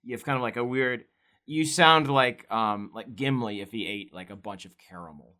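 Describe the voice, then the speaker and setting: A man's voice: mid-range voice, normal speed, sharp tone. A young man co-hosting, chatting casually and playfully while drawing, laughing often. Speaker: co-host.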